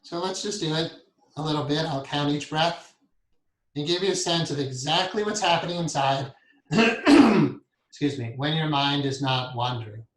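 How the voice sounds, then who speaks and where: A soft-spoken male meditation teacher with a slightly high voice, talking calmly through a breathing lesson. He chuckles often between explanations. The sound carries a noticeable room echo. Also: moderate pace. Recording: echoey room.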